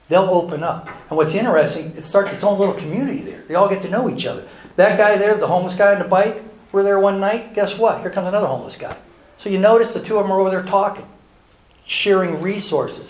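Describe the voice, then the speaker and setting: A man's voice: high voice, expressive, fairly quick, slight background noise. A man giving a folksy, earnest presentation about charity work, telling stories to an audience. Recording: echoey room with faint ambience.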